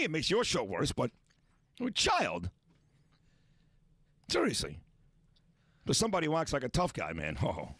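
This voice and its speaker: Brash male sports radio host, lively up-and-down delivery, dry booth sound. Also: on the low side, dry recording. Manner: brash, blunt and boastful. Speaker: radio talk show host. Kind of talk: sports talk radio banter.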